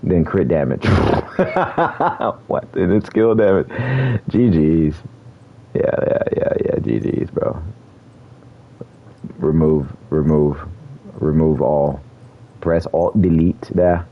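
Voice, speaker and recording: A man's voice: very deep voice, slow pace, long pauses, dull audio. A man giving laid-back, chatty commentary on a video game, laughing often and using slang. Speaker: gaming streamer. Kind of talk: casual gameplay commentary.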